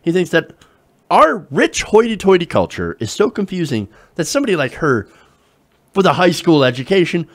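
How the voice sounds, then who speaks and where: A man's voice: on the high side, big pitch swings, moderate pace. A man hosting political commentary, reading an op-ed aloud and mocking it with sarcasm, profanity and laughter.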